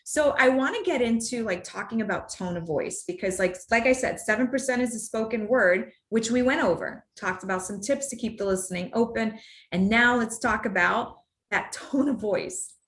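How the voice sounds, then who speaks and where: A woman giving a live workshop to an audience in a room, talking in an animated, conversational way and addressing the audience directly. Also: fairly high pitch, moderate pace. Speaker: workshop speaker. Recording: roomy echo.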